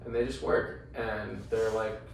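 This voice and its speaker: A man's voice: on the low side, unhurried, gravelly. A young man from Connecticut co-hosting a casual sports podcast, rambling with lots of fillers and swearing. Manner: loose, rambling, heavy on fillers and profanity. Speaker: podcast co-host. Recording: distant mic in a very echoey room, faint room noise.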